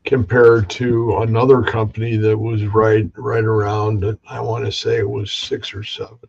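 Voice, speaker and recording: Male interviewer, low voice, casual and halting, dull remote-line sound. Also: level tone, vocal fry, darkish tone, slight background noise. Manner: halting, with frequent restarts.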